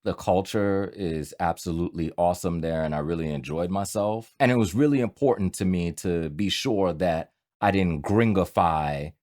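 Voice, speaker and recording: Emphatic New York man, lowish voice. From New York, USA. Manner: emphatic, animated in bursts, conversational. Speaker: voiceover artist and YouTuber. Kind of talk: direct-to-camera opinion rant. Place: his home recording studio.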